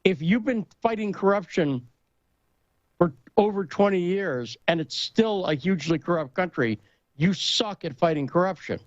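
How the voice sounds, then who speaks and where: A man in casual talk-show conversation, telling a story and joke with lively emphasis. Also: high voice, normal speed, no room sound, dull audio.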